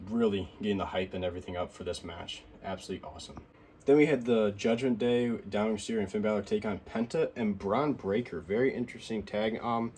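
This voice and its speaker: A young man with a lowish voice talks through a casual recap vlog, excited and rambling, often stopping to restart a phrase. A faint noise sits under the recording. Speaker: wrestling figure collector recapping the week.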